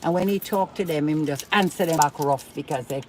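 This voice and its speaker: A woman chatting casually in a blunt, opinionated way, telling animated stories. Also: sits low, brisk, hardly any pauses. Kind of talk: casual chat. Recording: noisy background.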